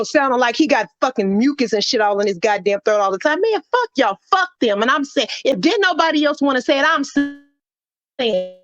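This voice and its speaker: A woman's voice: sits high, lively intonation, moderate pace, a bit bright, no echo. A woman calling in from home over the phone, delivering a heated, profane rant with lots of repetition. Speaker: caller. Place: at home during a storm. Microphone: phone call. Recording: dull lo-fi phone audio.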